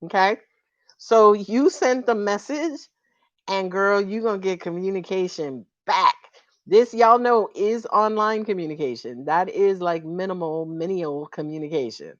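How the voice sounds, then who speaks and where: A woman doing a live-stream tarot reading, sassy and animated and laughing often. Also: mid-range voice, measured pace, no room sound, dull audio. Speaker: tarot reader.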